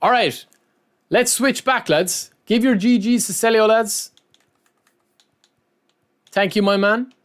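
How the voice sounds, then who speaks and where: A man's voice: high-pitched, slow pace, pauses often, a bit bright. A man live-streaming, chatting casually to his viewers and often calling them lads and man.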